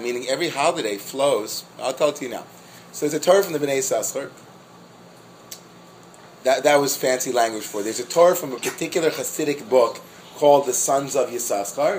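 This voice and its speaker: A man teaching a class as a rabbi, telling a story in an animated, halting way with many restarts and laughs. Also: medium pitch, slight background noise, poor audio. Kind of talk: storytelling lecture.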